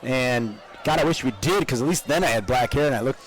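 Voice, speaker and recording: A man's voice: medium pitch, fairly quick, poor audio. Chatty older man co-hosting a parade. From upstate New York. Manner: chatty, rambling, laughs often. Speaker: parade co-host. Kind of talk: live parade commentary. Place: outdoors at a street parade.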